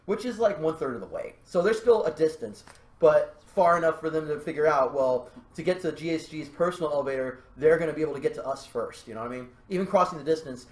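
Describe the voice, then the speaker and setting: A man hosting a casual podcast chat, telling a story in an animated way with lots of laughter and quick put-on voices. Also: a little high, roomy sound. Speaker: podcast host.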